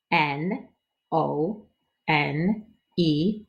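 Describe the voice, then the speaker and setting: A woman teacher leading a phonics lesson for young children, sounding out words slowly and patiently and prompting the listener to read along. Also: on the low side, expressive. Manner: slow, clearly sounded-out reading with patient prompts.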